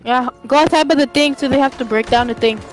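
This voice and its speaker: A woman's voice: high voice, fast, faint music behind. A woman playing an online shooter with friends, chatting casually and calling out plays. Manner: excitable, shouts and laughs during fights. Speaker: gamer in a squad. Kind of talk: casual gaming chat.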